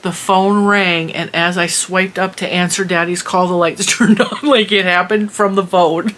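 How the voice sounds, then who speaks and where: A middle-aged woman, a crafting channel host, telling a story in a casual, animated and exasperated way. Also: fairly low pitch, unhurried, hardly any pauses. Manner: animated, exasperated retelling with laughs.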